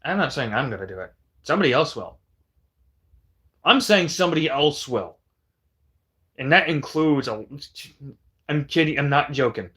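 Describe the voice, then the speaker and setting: Man, slightly high pitch, angry rant, profane, combative. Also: animated, moderate pace, long pauses, a bit bright. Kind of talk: heated ranting callout.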